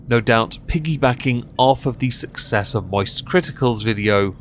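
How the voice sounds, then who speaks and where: A man's voice: medium pitch, a bit bright, a little hiss or hum. A man narrating a scripted commentary video in a sarcastic, mocking manner. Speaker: commentary host.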